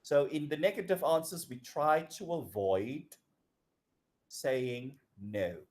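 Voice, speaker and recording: A middle-aged man teaching a grammar lecture, explaining slowly and acting out example dialogues. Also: fairly high pitch, a little mellow. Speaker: English teacher.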